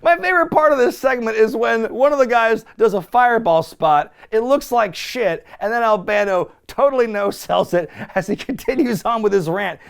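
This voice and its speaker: A man's voice: extremely high pitch, moderate pace, vocal fry, hardly any pauses, clean tone. A man hosting a casual wrestling review, sarcastic and profane, laughing often.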